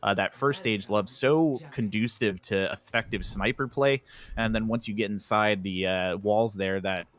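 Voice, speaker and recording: Excitable male esports play-by-play caster. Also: on the low side, unhurried. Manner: excitable during fights, chatty between maps. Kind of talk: esports commentary.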